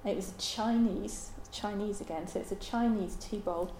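A woman giving a Buddhist dharma talk in a halting, thoughtful way, with many pauses and ums. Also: mid-range voice, steady tone, mellow, a little hiss or hum. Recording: roomy echo.

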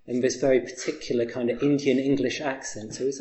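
A man telling rambling anecdotes in a casual conversation, halting often with fillers and restarts. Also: mid-range voice, animated, mellow, reverberant. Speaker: interviewer.

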